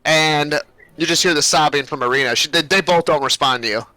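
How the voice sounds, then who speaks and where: A young man narrating a tabletop game as game master, describing scenes in a relaxed way with many fillers. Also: on the high side, brisk, dry recording, rough recording.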